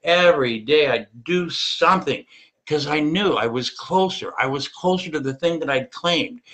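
A middle-aged man delivers a punchy motivational monologue and swears casually as he drives his points home. His voice sits a little high and has a bright, forceful edge. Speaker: host of a personal finance show.

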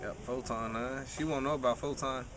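A man's voice: mid-range voice, steady tone, brisk, a bit bright, slight background noise. A man joking around with a friend, teasing him with sing-song mock chants and laughing a lot. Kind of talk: casual joking banter among friends.

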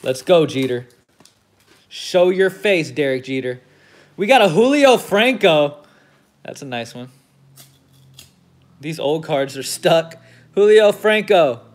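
A man with a high voice hosts a card break, reading off each player's name at an unhurried pace. He swears casually and perks up when a big card turns up. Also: big pitch swings. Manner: reels off player names, gets hyped at big pulls, swears casually. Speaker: host of a card break stream. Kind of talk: casual commentary while opening card packs.

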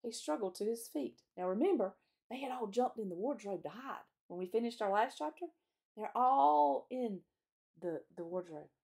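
A woman, a children's chapel teacher, reading a storybook aloud in a gentle, clear way. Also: a little high, lively intonation, normal speed.

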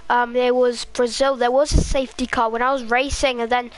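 A woman with a Scottish accent giving live race commentary in a halting, rambling way, full of fillers. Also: a little high, level tone. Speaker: sim racing commentator.

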